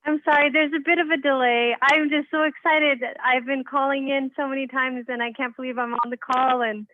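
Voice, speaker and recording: A woman calling in to a radio show, excited and hesitant, with many pauses and ums. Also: sits high, dry recording. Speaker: caller. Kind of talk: call-in conversation. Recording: dry tinny phone line.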